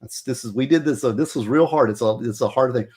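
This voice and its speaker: A man's voice: mid-range voice, fast, darkish tone, breathy edge. A middle-aged man, a former prosecutor, giving earnest advice in casual talk, lecturing with many restarts. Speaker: former juvenile prosecutor, guest.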